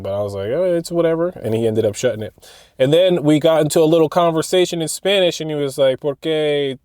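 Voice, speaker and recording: A man's voice: medium pitch, dry recording, studio quality. A young man telling a story in a casual, rambling way, with lots of fillers and restarts. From United States. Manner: rambling, animated retelling with frequent fillers and restarts. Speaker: vlogger.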